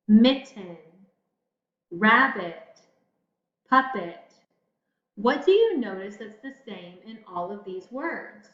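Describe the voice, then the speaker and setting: A woman teacher giving a patient phonics lesson to children, speaking slowly and pausing for answers. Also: medium pitch, a little mellow. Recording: echoey room, slightly dull sound.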